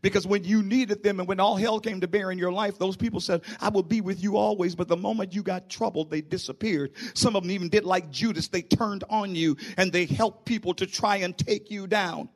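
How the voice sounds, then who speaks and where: A man preaching a sermon to his church, rising into shouts and falling to a hush. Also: high voice, fairly even intonation, brisk, hardly any pauses. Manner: preaching with sudden shouts and hushed drops. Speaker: pastor.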